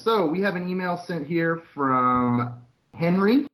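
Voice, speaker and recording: A man's voice: on the high side, lively intonation, takes it slowly, a bit bright, low-quality recording. A man from California, filling in as guest co-host, easygoing and good-humored in casual chat. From Sacramento, California.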